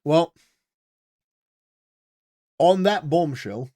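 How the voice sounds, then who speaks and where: Man, commentary host, casual rambling delivery, stammers, fairly high voice, dry close mic. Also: animated, drawn-out words, warm tone, dry recording. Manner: rambling, stammering restarts, swings between mumbling and emphatic. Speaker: political commentary livestream host.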